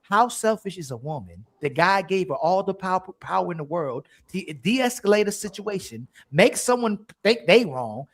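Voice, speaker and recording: High-voiced man preaching in a podcast debate. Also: normal speed, few pauses. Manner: preachy, animated, repeats himself. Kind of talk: heated casual podcast debate.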